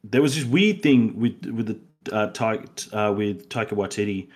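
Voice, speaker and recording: A man's voice: lowish voice, moderate pace. A young Australian man co-hosting a casual film review podcast, rambling with many fillers and restarts. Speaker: podcast co-host.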